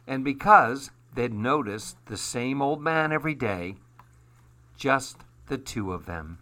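Slow, gentle man reading a storybook. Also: medium pitch, expressive. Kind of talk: storybook read-aloud.

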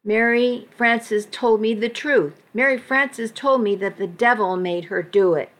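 A woman voicing a zealous, furious mother who shouts imperiously, reading a story aloud. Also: on the high side, a little slow. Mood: ranting.

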